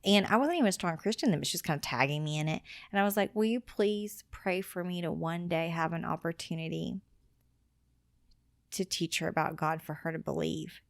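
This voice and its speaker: A woman's voice: on the low side, brisk, vocal fry, dry recording, clean studio sound. A woman guest on a podcast telling her personal story earnestly and acting out what other people said. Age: adult with children. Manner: earnest, quotes people in lively retellings.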